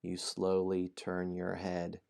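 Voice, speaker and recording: A man's voice: deep voice, completely flat delivery, takes it slowly, creaky, dark tone, clean tone. A man hosting a game stream, chatting playfully and apologetically with viewers and reading a story aloud, laughing often. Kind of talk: casual stream chat and storybook narration.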